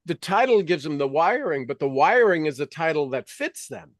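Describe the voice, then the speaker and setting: A man's voice: on the high side, very animated, normal speed, no echo, studio quality. Emphatic male motivational coach. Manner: emphatic and repetitive, drives points home. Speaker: leadership coach and host.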